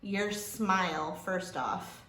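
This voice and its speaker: A woman's voice: medium pitch, extremely slow. A woman giving heartfelt end-of-year praise to students, emotional and laughing. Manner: warm, emotional, laughing, gets choked up. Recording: echoey room with faint noise.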